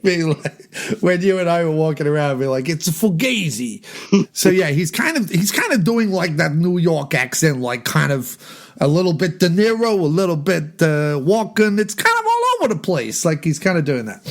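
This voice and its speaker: A man chatting casually about a film, digressive and laughing at his own jokes. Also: fairly high pitch. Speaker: podcast film discussion guest.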